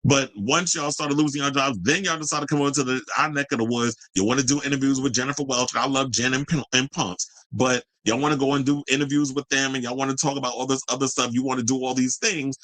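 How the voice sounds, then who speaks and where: A blunt, foul-mouthed man hosts a commentary livestream and talks straight to his viewers and their comments. His voice sits at a middling pitch, and the sound is dry and close, with no room around it. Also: steady tone, fast, few pauses, fairly bright tone, dry recording, poor audio. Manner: profane, blunt and combative. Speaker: host of a pop culture commentary channel.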